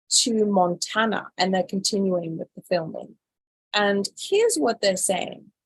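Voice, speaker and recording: Lady hosting a live news chat, slow talker, dry sound, reads headlines out and questions them. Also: mid-range voice, slightly rough, dry recording, rough recording. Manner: chatty, incredulous, reads headlines aloud. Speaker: host. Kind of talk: casual news commentary livestream.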